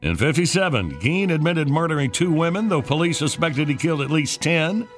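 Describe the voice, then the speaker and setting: Morning show host, male, animated announcer read, slightly high, light music bed. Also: fairly quick. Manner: lively, upbeat announcer delivery. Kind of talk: morning radio banter.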